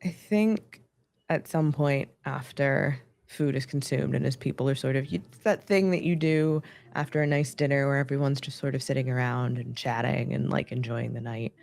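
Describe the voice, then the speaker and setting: A woman playing a tabletop game, describing her character's actions and speaking softly in character. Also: rumbling low, moderate pace, gravelly. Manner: soft, tender speech that drops near a whisper. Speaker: player voicing Winnie. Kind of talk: in-character tabletop role-play.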